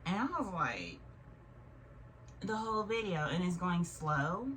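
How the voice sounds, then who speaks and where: A woman in her thirties tells a strange story in a low voice, rambling and restarting her sentences with plenty of fillers. She sits a little back from the mic, and faint noise runs under her voice. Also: very animated, unhurried, fairly bright tone, recorded from a distance, low-quality recording. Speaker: vlogger. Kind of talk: casual storytelling monologue.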